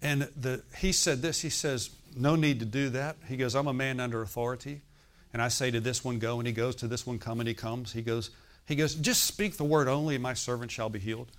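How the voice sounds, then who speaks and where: Male pastor, sixties, animated sermon storyteller, acts out dialogue, quiet asides. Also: fairly quick. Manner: animated storytelling, acting out quoted dialogue with rising pitch and volume; drops into quiet, confiding asides. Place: church.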